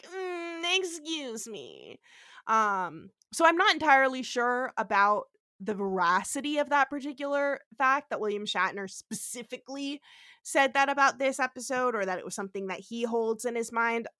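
A woman's voice: a little high, bright, forceful tone, no room sound, studio quality. A woman co-hosting a podcast in casual chat, talking in a chatty way, swearing freely and acting out quotes. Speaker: podcast co-host.

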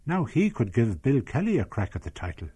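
A man's voice: medium pitch, big pitch swings, brisk, mellow, slightly rough. An older man with an Irish accent, narrating a documentary in a lyrical, reminiscent way. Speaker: documentary presenter. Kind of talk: scripted narration.

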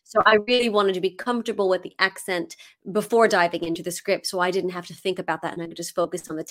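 A woman singer and impressionist chatting as an interview guest, animated and laughing often. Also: lowish voice, quick pace.

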